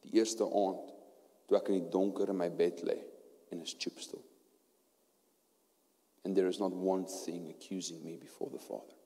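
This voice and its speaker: A man with a South African accent preaching a sermon and telling his story, going from hushed tones to loud preaching. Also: low-pitched, little pitch movement, brisk. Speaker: pastor. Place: church hall. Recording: long hall reverb.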